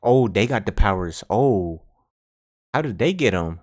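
Excitable man reacting, lively low voice. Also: unhurried. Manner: excitable, laughs often, slangy asides. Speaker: reaction video host. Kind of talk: casual reaction commentary.

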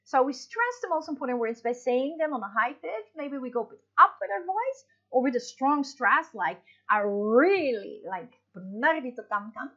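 A woman's voice: sits high, very animated, moderate pace, hardly any pauses, bright, forceful tone, breathy edge, dull audio. A woman teaching English in a recorded online lesson, explaining patiently with fillers and restarts.

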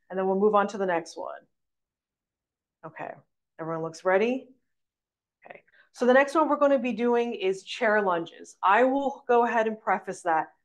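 A woman teaching an online exercise class, giving encouraging step-by-step instructions as she demonstrates, a little out of breath. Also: mid-range voice. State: slightly out of breath. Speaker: fitness instructor.

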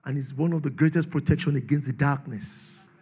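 A Nigerian man preaching a sermon, swinging from shouted declarations to low asides and laughing often. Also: a little fast, slightly rough. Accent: Nigerian English. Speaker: pastor.

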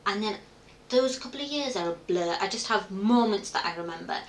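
A middle-aged woman speaks expressively and fairly quickly in a medium-pitched voice, sharing her story openly as an interview guest. She reflects candidly and often quotes her own inner thoughts from the past. The room is echoey, with slight background noise.

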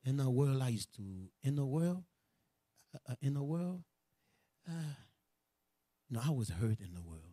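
A man voicing a gossiping woman in the congregation, speaking in a soft, low, confiding murmur. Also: lively intonation, unhurried, long pauses, breathy edge, no room sound, studio quality.

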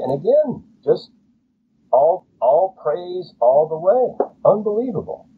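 A man's voice: on the high side, big pitch swings, moderate pace. A man, an author being interviewed, telling stories with enthusiasm and acting out quoted lines. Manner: enthusiastic storyteller, acts out quotes. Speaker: author and guest. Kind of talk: casual interview chat. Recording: tinny phone-like line, faint noise.

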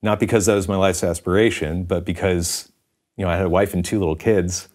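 A middle-aged man, founder of a company, candidly and self-deprecatingly telling his story with halting restarts in an interview. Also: sits low, steady tone, darkish tone.

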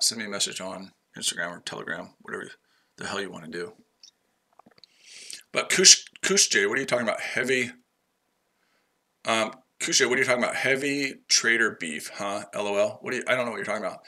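A man's voice: fairly low pitch, vocal fry, bright, forceful tone. A man hosting a trading livestream, brash and profane, chatting to viewers by name and trash-talking rivals. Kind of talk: casual livestream chat.

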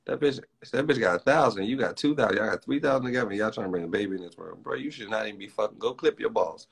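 A young man, ranting fast and profanely in casual slang on a livestream. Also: on the low side, vocal fry, slightly rough. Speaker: live streamer.

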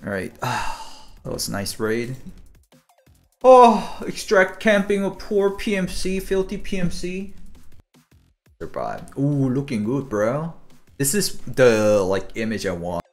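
Game streamer, male, rambling and giggly, unhurried pace, lots of pitch movement. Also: very animated, soft background music. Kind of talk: gameplay commentary stream.

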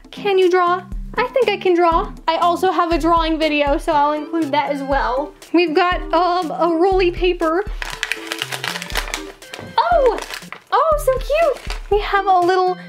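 Very high-voiced gushing young woman. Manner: gushing, excitable, exclaims often. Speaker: vlogger opening fan mail. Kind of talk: casual unboxing chat.

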